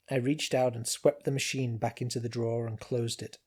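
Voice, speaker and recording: A man reading a novel aloud in first person, calm and dry. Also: medium pitch, a little fast, hardly any pauses, breathy edge. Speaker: amateur audiobook narrator.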